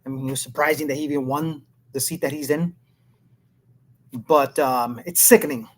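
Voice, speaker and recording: Male host, casual commentary, rambling and blunt, quick to laugh. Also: medium pitch, fairly even intonation. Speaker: show host.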